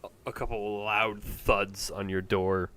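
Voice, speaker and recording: A man's voice: on the low side, flat delivery, measured pace, a bit bright, clear, resonant tone. A man narrating as game master of a tabletop game, playful and laughing.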